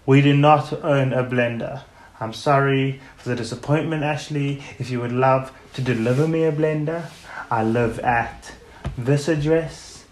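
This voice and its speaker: A man hosting a podcast in a casual ranting monologue, emphatic and sarcastic, hitting words loudly and then dropping into muttered asides. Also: mid-range voice, steady tone, unhurried. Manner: emphatic, sarcastic, swings between loud stresses and muttered asides. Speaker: podcast host. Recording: roomy echo with faint background noise.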